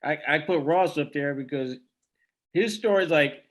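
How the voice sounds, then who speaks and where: A man's voice: a little high, measured pace. A man co-hosting a podcast in casual chat, with dry, scoffing banter and speech. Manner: dry, scoffing banter that calls out tall tales. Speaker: podcast co-host.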